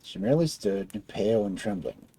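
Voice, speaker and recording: A man reading a fairy tale aloud as a storyteller, in an expressive style. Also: normal speed, husky, no echo, poor audio. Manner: expressive storybook reading with wide swings in pitch.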